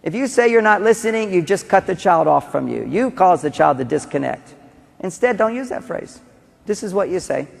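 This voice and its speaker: A man giving a conference talk on relationships, animated, acting out quotes and repeating key phrases. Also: on the high side, normal speed, creaky. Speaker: relationship seminar speaker. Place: large conference hall. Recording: long reverb of a conference hall.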